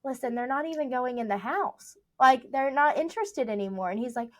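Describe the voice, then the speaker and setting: A young woman, a real estate agent, telling stories in a casual interview, chatty and animated with lots of fillers. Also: high voice, fairly quick. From Texas. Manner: chatty, animated storytelling with many "like"s.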